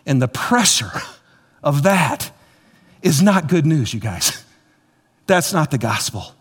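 A man preaching a sermon as pastor, animated and repetitive, speaking straight to his congregation. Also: fairly high pitch, slow pace, husky. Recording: long hall reverb.

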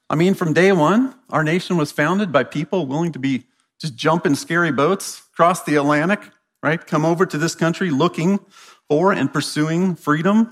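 An American man speaking to a church crowd in a conversational sermon, often checking in with the audience with "right?". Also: fairly high pitch. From United States. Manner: chatty, keeps asking the audience "right?".

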